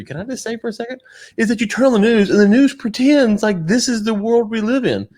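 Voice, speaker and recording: A man co-hosting a podcast, talking casually in an animated, sarcastic, ranting way. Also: on the high side. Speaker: podcast co-host. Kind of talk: casual political chat.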